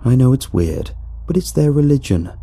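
A man voicing a calm, matter-of-fact guide leading the way through a sewer in a horror story. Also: mid-range voice, moderate pace, vocal fry, breathy edge, pitched above the performer's own voice, heavily acted.

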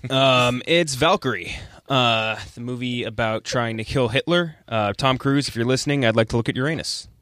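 A man's voice: medium pitch, moderate pace, fairly bright tone, no room sound. A man co-hosting a podcast in casual chat, with dry, self-mocking humor. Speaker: podcast co-host.

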